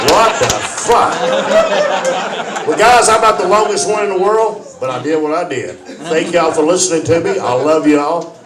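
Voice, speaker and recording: A man's voice: sits high, slow pace, pauses often. A man telling a crude anecdote to a live audience, rambling and laughing at his own jokes. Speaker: storyteller at open mic. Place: live comedy venue. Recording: echoey venue, distant mic, crowd noise.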